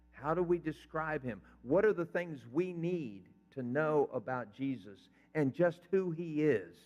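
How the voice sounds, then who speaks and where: An older man, a pastor, preaching a sermon in a conversational way and quizzing his congregation. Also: medium pitch. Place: church sanctuary. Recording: reverberant hall, dull lo-fi sound.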